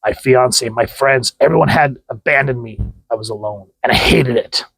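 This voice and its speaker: A man's voice: medium pitch, moderate pace, creaky, a bit bright, husky, no echo, low-quality recording. A man voicing a bitter undead young bride, read aloud from a comic. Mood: aggrieved.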